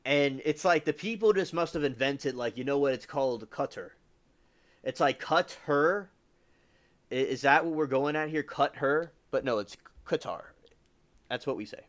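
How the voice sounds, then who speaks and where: This casual livestream host rambles on about the news, reading out comments from the chat and answering viewers. He speaks a little fast at a medium pitch, with few pauses.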